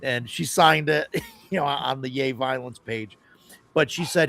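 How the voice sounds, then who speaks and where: A man's voice: a little high, a little slow. A man hosting a casual tabletop gaming chat, telling stories in a rambling way and often laughing. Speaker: podcast host.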